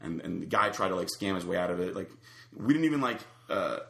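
Man, low voice, quick talker, animated storyteller, echoey room. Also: gravelly. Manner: animated storyteller acting out quotes. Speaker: storyteller guest. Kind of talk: casual chat, anecdote.

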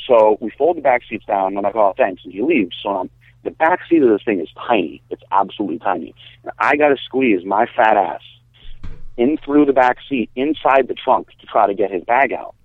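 A man telling a long story in casual podcast talk, animated, swearing and acting out what people said. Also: fairly low pitch, brisk, no room sound. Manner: animated, swearing, acts out quotes. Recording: dry, phone-like narrow sound.

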